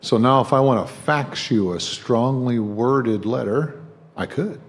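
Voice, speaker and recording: A man's voice: mid-range voice, unhurried. A middle-aged man preaching a sermon as guest speaker, talking conversationally with joking asides to the congregation. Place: church sanctuary. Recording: long church hall reverb.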